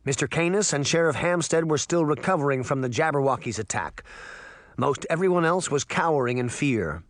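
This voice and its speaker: Male narrator, very animated delivery, dry close sound, storybook read-aloud. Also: on the high side, brisk, dry recording. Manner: lively, expressive reading. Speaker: audiobook narrator.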